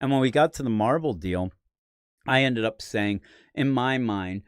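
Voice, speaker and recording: A man's voice: medium pitch, normal speed, smooth, dry recording, studio quality. A man from the Philadelphia area hosting a comics podcast, giving a rambling, opinionated preview of the week's comics. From Philadelphia area, USA. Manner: rambling, opinionated, animated asides. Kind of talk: casual comic book preview commentary.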